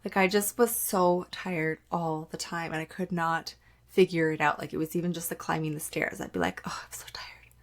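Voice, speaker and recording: This podcast host has a gravelly low voice, a steady tone and a moderate pace. Her casual solo monologue is candid and chatty, peppered with "like" as she reenacts remarks from her past.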